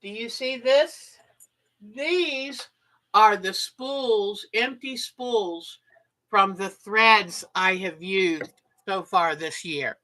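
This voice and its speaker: A woman's voice: medium pitch, very slow, sharp tone. A woman hosting a casual livestream, chatting and reading out viewer comments with enthusiasm. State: sleepy, yawning. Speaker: livestream host.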